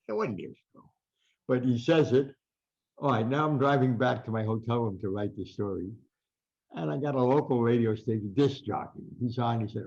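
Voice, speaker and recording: Older male storyteller, gravelly, husky, animated, dull lo-fi audio. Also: medium pitch, moderate pace. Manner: animated storyteller, acts out quotes loudly. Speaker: guest boxing writer. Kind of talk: storytelling interview.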